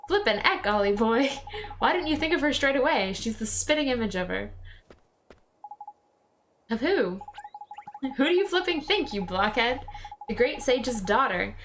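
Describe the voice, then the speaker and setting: A woman's voice: on the high side, very animated, measured pace, pauses often, fairly bright tone, slight background noise, voice pushed up, heavily acted. A woman reading aloud as a cheeky male fairy sidekick, in a mock-blustery way.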